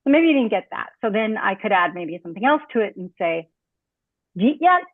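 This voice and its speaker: A woman's voice: medium pitch, lively intonation, fast, dry recording. Woman panelist on a video call, casual explainer with fillers, dry tinny line. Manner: conversational, many fillers, acts out spoken examples. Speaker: panelist speaking as a designer. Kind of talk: online talk on speech design. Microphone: computer mic on a video call.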